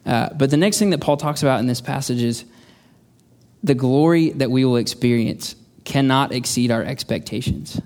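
A man's voice: mid-range voice, moderate pace, a little mellow. A man giving a conversational sermon with wry, self-deprecating humor, often restarting his phrases. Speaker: preacher.

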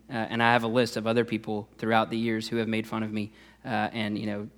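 A man's voice: on the low side, flat delivery, quick pace, fairly bright tone. A man who is a youth pastor, preaching a sermon in a conversational way, with frequent "uh" fillers and restarts.

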